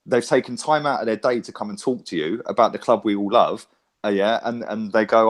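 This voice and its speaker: A man's voice: lowish voice, brisk. A man in casual chat, swearing freely and constantly checking for agreement. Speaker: fan YouTuber guest.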